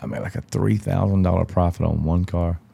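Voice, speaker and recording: Gravelly deep-voiced man. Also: steady tone, brisk, mellow. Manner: profane, blunt, acts out quoted dialogue. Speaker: podcast guest, country singer. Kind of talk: casual storytelling chat.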